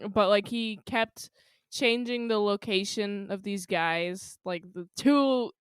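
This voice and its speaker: A woman talks casually about a movie she watched, bouncing between her own take and little acted-out bits of dialogue. Her voice is smooth and clear, recorded close and dry. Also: mid-range voice, slow, dry recording. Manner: animated, acts out characters' lines in quotes. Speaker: podcast guest. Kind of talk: casual film discussion.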